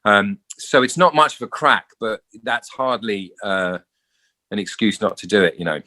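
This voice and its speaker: A middle-aged English actor, a guest in a casual interview, telling stories animatedly and acting out quoted voices. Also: male voice, fairly low pitch, moderate pace, pushed and bright. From England.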